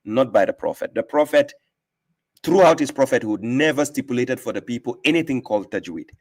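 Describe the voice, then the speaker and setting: A man's voice: medium pitch, lively intonation, brisk, a little mellow. Emphatic man lecturing on a live stream. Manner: emphatic, lecturing, asks listeners rhetorical questions. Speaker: host giving talks on religion. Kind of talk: casual debate on a live stream.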